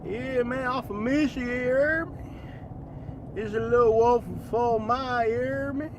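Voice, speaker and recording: A man's voice: high voice, level tone, moderate pace, vocal fry, highs cut off, noisy background. A man putting on the voice of a young street hustler, slurring and mumbling his slang so it runs together. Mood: drawling.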